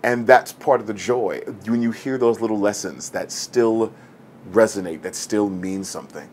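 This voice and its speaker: A man in his forties, a stage actor, telling a personal story in a lively way and acting out the voices he quotes. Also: lowish voice, normal speed, a little hiss or hum. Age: 40s. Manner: animated, acts out quoted voices.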